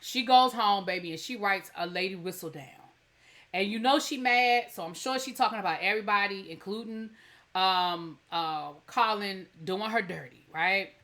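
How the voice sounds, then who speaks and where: A woman's voice: medium pitch, normal speed, fairly bright tone. A woman hosting a TV review channel, recapping an episode in a chatty, rambling way with many fillers and restarts.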